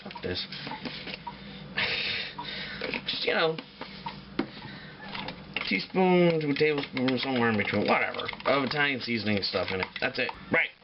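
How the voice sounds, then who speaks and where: A man's voice: medium pitch, moderate pace, pauses often. A man hosting a casual home cooking show, rambling and swearing freely as he walks through the steps in his kitchen. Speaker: home cook and show host. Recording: dull lo-fi audio with clear noise.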